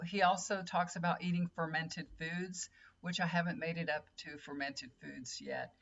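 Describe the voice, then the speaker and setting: A woman's voice: sits low, a bit bright. A middle-aged woman, a tarot reader and healer rambling in casual chat straight to her viewers. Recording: dull lo-fi audio with faint hum.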